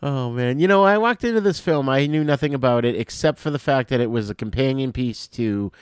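Man, relaxed film podcast chat, dry close sound, laughs a lot. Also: mid-range voice, fairly quick, clear, resonant tone, no room sound. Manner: easygoing, laughs often, trails off quietly. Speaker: podcast co-host. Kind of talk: casual film review chat.

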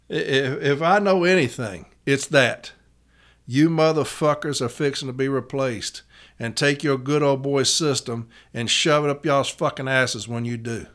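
A man's voice: medium pitch, a little slow, a bit bright. A man, a union activist giving a blunt, profane rallying rant to fellow members. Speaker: letter carriers' union activist and podcaster.

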